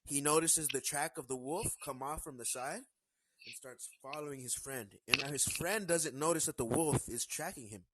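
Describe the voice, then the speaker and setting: A man hosting a live stream, telling a story in a casual, animated way and acting out the characters' lines. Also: mid-range voice, moderate pace, a little hiss or hum, poor audio.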